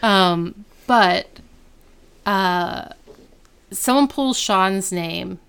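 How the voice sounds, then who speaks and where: A young woman with a smooth, clear voice chats casually on a podcast. She sits at a mid pitch and retells a TV episode in animated fashion, acting out the characters' lines as she goes. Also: very slow. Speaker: podcast co-host. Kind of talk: casual chat recapping a TV episode.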